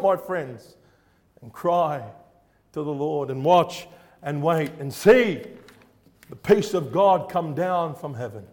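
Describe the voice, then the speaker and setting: Fervent high-voiced male preacher. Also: lively intonation, takes it slowly, pauses often, a little mellow. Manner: fervent, repetitive, quizzes the congregation. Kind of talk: sermon.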